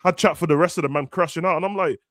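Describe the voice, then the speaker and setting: A man's voice: on the high side, very fast, a bit bright, no room sound. A young man, chatting casually and ranting animatedly as a football podcast host. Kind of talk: casual chat.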